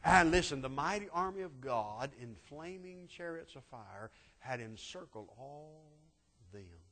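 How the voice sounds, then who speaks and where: A man preaching a sermon, telling a Bible story dramatically and swinging from loud peaks to hushed asides. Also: a little high, animated, a little slow. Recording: long hall reverb.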